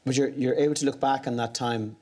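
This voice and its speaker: A man's voice: mid-range voice, fairly even intonation, fast talker, mellow. Probing Irish male talk show host. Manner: probing, short prompts and backchannels.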